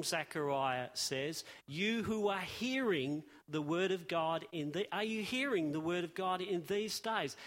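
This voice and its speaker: A man preaching a sermon, animated, asking rhetorical questions and repeating phrases for emphasis. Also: sits high, a little slow.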